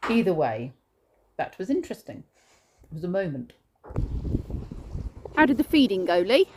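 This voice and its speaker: A woman's voice: lowish voice, sing-song, moderate pace, noisy background. A woman vlogging casually outdoors in a garden, chatting and rambling through her chores and stories. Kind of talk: casual vlog chat.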